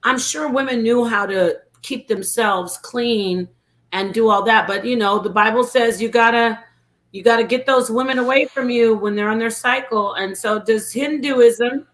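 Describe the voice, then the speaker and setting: A woman from New York, a guest on a panel, talking in an animated, joking way. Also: fairly high pitch, normal speed, low-quality recording. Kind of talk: casual panel chat.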